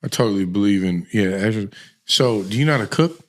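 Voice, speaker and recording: A man's voice: lowish voice, a little fast. A man, hosting a podcast and telling stories in a casual, rambling way with lots of restarts. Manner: rambling, animated storytelling with many restarts. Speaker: podcast host. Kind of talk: casual conversation.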